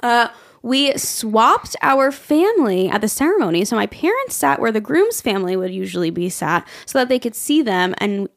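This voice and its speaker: A woman's voice: on the high side, big pitch swings, normal speed, vocal fry, hardly any pauses, no room sound. A woman co-hosting a podcast, chatting casually and reading listener emails aloud, swearing freely and laughing often. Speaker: podcast co-host.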